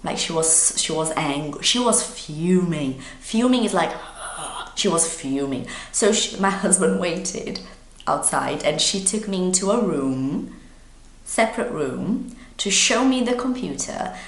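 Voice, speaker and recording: A woman from Brazil tells a story for English learners in a lively, expressive voice that sits slightly low. Her voice carries a noticeable room echo. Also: a little slow. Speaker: English teacher. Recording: echoey room.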